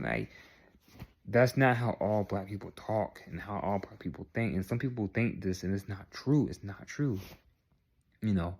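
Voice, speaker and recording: A man's voice: on the low side, moderate pace, vocal fry. A young man talking straight to the camera, earnest and repetitive, ending his points with "all right?". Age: young adult. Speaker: vlogger. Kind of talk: direct-to-camera monologue.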